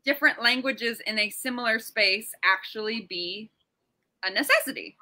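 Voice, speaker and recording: Bright, higher-voiced woman co-host. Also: moderate pace, low-quality recording. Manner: loose, joking and profane, trips over her words. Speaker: podcast co-host. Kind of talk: casual chat.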